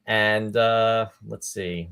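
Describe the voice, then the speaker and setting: A man's voice: on the low side, steady tone, very slow, a bit bright, smooth. A male host chatting on a live video stream, upbeat and talkative, greeting viewers by name. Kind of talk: casual live-stream chat.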